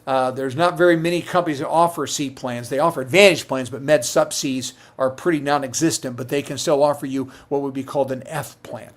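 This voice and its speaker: A man's voice: medium pitch, steady tone, fairly quick, hardly any pauses. A middle-aged man who works as a Medicare insurance agent, answering viewer questions on a live stream in a conversational way, with many fillers and restarts.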